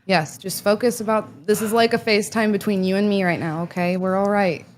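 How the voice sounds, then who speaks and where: A woman calmly reassuring a friend in casual chat on a stream. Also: mid-range voice, fairly quick, a little hiss or hum. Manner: soothing, reassuring.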